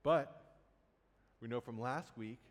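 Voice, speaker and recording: A man's voice: medium pitch, slow. A man preaching a sermon, retelling a Bible story in a conversational way and casually acting out the quotes. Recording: long hall reverb.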